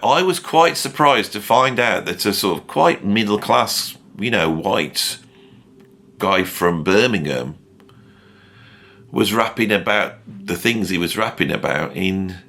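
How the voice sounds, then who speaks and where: A middle-aged man talks through a ranked list of musicians. His voice sits low but swings animatedly up and down, with a bright, forceful edge. He rambles and digresses, firing off opinionated asides. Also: animated, measured pace, creaky. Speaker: music commentator. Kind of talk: casual ranked-list commentary.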